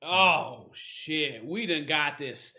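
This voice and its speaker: A man's voice: a little high, animated, very slow, vocal fry, heavily acted. A man voicing a drunk, boastful male dwarf brawler who trash-talks in crude slang. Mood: swaggering. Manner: loud swaggering trash talk, crude slang.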